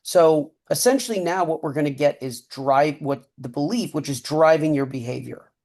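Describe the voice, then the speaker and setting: A man's voice: fairly high pitch, normal speed, darkish tone. A man who mentors traders, guiding a group through a breathing and mindset exercise on a webinar and checking in with "okay?" and "right?" as he goes. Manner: coaching, repeats "okay?" and "right?". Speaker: trading mentor leading a webinar.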